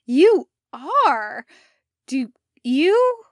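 A woman voicing a brash, loud young male ninja who shouts and teases in a storybook reading. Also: high voice, sing-song, drawn-out words, no echo, studio quality, voice pushed up, heavily acted. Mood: loud teasing. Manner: shouty, incredulous, teasing.

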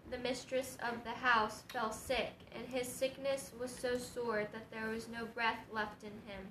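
A woman reading scripture aloud in a steady, measured, formal manner. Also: on the high side, reverberant, slight background noise, rough recording. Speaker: scripture reader.

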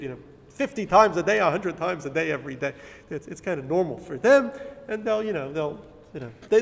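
A man's voice: high voice, long reverb tail. A middle-aged man giving an earnest sermon-style talk, building to emphatic peaks, with fillers and restarts.

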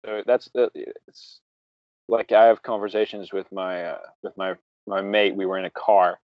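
A man chatting casually, full of fillers and quick laughs. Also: deep voice, flat delivery, no echo. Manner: filler-heavy, laughs often. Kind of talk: casual chat. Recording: dry, dull lo-fi audio.

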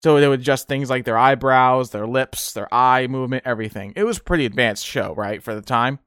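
Talking fairly quickly in a medium-pitched, somewhat bright, clean voice, a streamer podcast host reminisces in a casual, rambling chat. He laughs often and uses many fillers, and the dry recording is studio quality.

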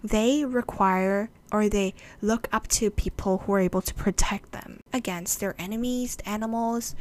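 A woman presenting an explanatory video talk, measured and speaking straight to her viewers. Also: mid-range voice.

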